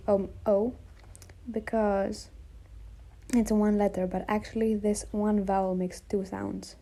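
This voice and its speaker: Woman, language teacher, unhurried delivery, patient, repeats each sound. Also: medium pitch, flat delivery, gravelly, mellow, poor audio. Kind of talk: slow explanatory lesson.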